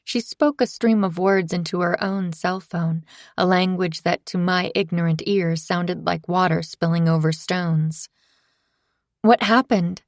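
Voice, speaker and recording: A woman reading a first-person thriller in steady, scripted narration. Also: on the low side, a little slow, no room sound, studio quality. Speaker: audiobook narrator.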